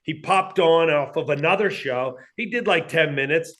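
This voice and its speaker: Animated comedian, higher voice. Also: male voice, normal speed. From Atlantic City, New Jersey. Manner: animated, acts out quoted dialogue in his stories. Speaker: comedian guest. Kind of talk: casual storytelling chat.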